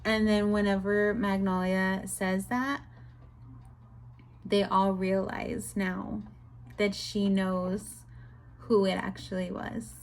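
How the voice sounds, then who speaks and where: A young woman chatting casually in a book review vlog, retelling scenes with animated, exasperated commentary. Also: mid-range voice, takes it slowly, slight background noise. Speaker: book vlogger.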